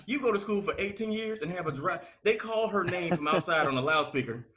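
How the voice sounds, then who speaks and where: A young adult man works through a stand-up set, talking fast and laughing along with his own stories. His voice sits a little high and sounds bright and forward. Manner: loose, animated storytelling with frequent laughter. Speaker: stand-up comedian.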